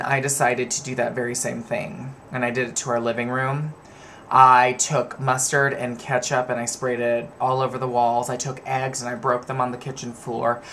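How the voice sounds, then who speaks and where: A man's voice: mid-range voice, bright, forceful tone, slight background noise. Candid rambling man telling stories. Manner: candid, rambling, laughs at himself. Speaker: vlogger. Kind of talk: personal storytelling to camera.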